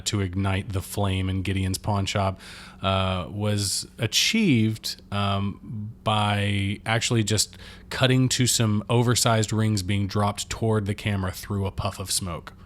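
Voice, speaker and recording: A man's voice: lowish voice, little pitch movement, takes it slowly. A man co-hosting a casual movie podcast, talking in a rambling, jokey way with lots of fillers. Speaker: podcast co-host.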